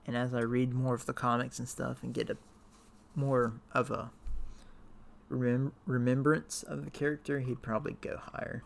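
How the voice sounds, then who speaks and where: Man, casual vlogger, mid-pitch, gravelly edge; tired, rambling, hesitant delivery. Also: little pitch movement, moderate pace, slight background noise. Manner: rambling, hesitant, many fillers. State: tired, voice wearing out. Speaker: youtuber ranking characters. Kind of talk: casual talk to camera.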